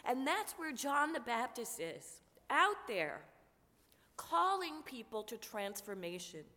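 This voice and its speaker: A woman pastor with a cold preaching a sermon, slow and earnest with touches of humor. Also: a little high, very animated, sharp tone. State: has a cold, coughing. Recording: long reverb of a large room.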